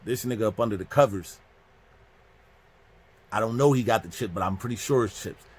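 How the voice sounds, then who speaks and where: A man's voice: fairly low pitch, a little fast, breathy edge. A man casually telling a story from prison, acting out the other people in it. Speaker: storyteller host.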